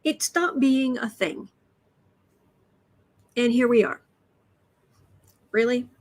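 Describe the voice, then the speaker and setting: Speaking slowly in a fairly high voice, a woman runs a casual tarot livestream from an indoor room. The audio is poor, and her chatty talk is full of restarts and repeated words as she reads out viewer comments.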